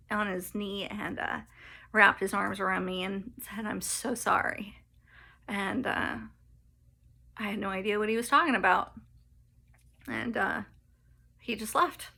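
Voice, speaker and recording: A woman's voice: medium pitch, creaky, sharp tone. A woman telling her personal story in a vlog, hesitant, with many fillers and restarts, near tears and laughing nervously at painful moments.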